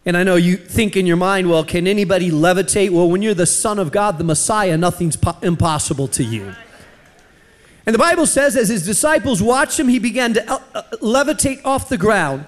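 A man preaching a sermon, telling a personal story and slowing down for emphasis. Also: high voice, expressive. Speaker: pastor.

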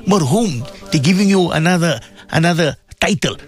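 A man on live radio with a fairly high voice that leaps up and down as he preaches. He speaks straight to his listeners, repeats phrases for weight and grows emotional. Soft devotional music plays quietly behind him. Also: expressive, normal speed. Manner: emotional, repetitive preaching, addresses listeners directly. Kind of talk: live religious radio talk. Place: radio studio.

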